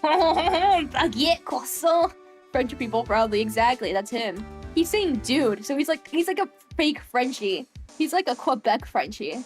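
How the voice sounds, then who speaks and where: A woman's voice: a little high, lively intonation, moderate pace. A young woman streaming a visual novel, chatting playfully and giggling often over faint game music. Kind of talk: casual gameplay commentary.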